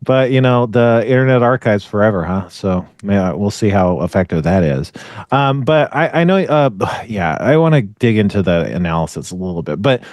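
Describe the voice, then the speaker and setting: A man co-hosting a podcast, casually thinking out loud with lots of fillers and restarts and frequent laughs. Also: on the low side, lively intonation, normal speed, dry recording. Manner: laughs often while talking. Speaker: podcast co-host. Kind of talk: casual conversational commentary.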